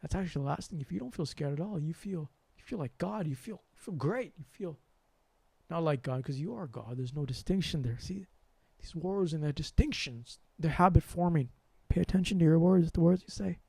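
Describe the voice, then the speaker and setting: A young man hosting a rambling, animated spiritual monologue in a slangy, casual way. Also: a little high, a little fast, gravelly, breathy edge, dry recording. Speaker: host.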